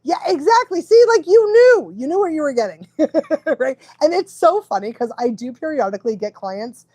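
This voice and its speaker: A woman's voice: high voice, very animated, normal speed, mellow, no echo. A woman dog trainer giving casual live advice, chatty, often laughing and checking in with the listener.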